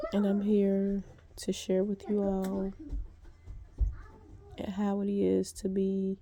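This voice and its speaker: A woman's voice: mid-range voice, mellow, no room sound. A woman telling a vlog story while congested, chatty with many fillers and laughing at herself. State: congested and sniffly. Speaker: vlogger.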